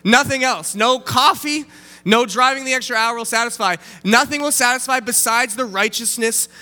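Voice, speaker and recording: High, bright-voiced young preacher in a hall. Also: male voice, normal speed. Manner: chatty, animated, says okay often. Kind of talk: casual sermon with personal story. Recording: long hall reverb.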